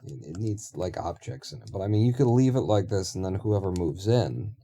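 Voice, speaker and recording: A man's voice: sits low, animated, fairly quick, warm tone, a little hiss or hum. A man streaming a building game, rambling and thinking aloud in casual talk with offhand swearing.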